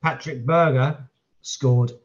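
Slow, dry-humored man co-hosting. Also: mid-range voice, steady tone, highs cut off. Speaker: podcast co-host. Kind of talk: casual quiz banter.

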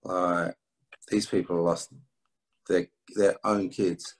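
A middle-aged man from England, telling a personal story as an interview guest, halting with restarts and fillers. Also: sits low, little pitch movement, rough recording. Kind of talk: reflective storytelling.

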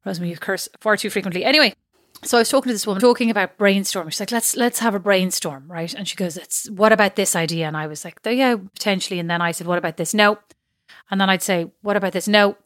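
A woman's voice: mid-range voice, quick pace, a bit bright, dry recording, clean studio sound. A woman co-hosting a podcast in casual chat, who rambles and laughs at her own jokes. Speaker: podcast co-host.

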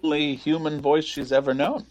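A man speaking as a guest filmmaker on a podcast, relaxed and explaining behind-the-scenes details in casual film commentary. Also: a little high, normal speed.

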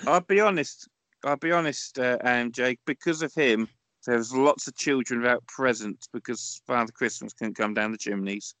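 A man's voice: medium pitch, moderate pace, fairly bright tone, no echo. A man co-hosting a podcast in casual chat, making dry, wry remarks. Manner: dry, wry one-liners. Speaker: podcast co-host.

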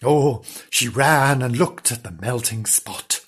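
Sardonic husky woman reading a story. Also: very deep voice, lively intonation, slow pace. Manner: sardonic and exasperated. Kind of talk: comic storybook reading with asides.

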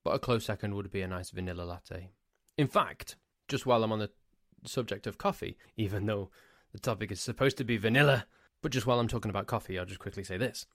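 This English-accented man from Cheshire, England talks fast, with a fairly low pitch and a fairly bright tone, in a dry, clean studio recording. Hosting a casual solo podcast monologue, he rambles pedantically and breaks into ranting asides.

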